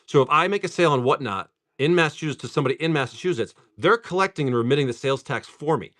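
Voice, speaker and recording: A man's voice: on the high side, rapid-fire. A man chatting casually on a livestream, telling a long story in a chatty style full of "dude" and "like". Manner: chatty and animated, says "dude" and "like" often. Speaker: livestream card seller. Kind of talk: casual storytelling while opening card packs.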